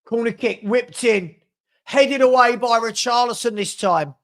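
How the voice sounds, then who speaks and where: Excitable football fan commentating. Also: male voice, very high voice, a little slow. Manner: excitable, partisan, shouting at big moments. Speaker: fan watch-along commentator. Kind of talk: live match watch-along commentary. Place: home room with a dog.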